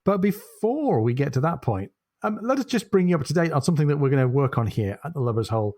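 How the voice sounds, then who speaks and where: Expressive mid-pitched podcast co-host man. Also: quick pace. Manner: chatty, reads out announcements. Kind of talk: casual chat.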